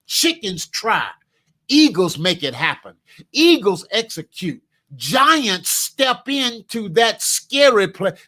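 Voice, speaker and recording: A business coach delivers a motivational talk in a high, sharp, emphatic male voice. His cadence is repetitive and preacher-like, and he speaks to a live helper during the talk.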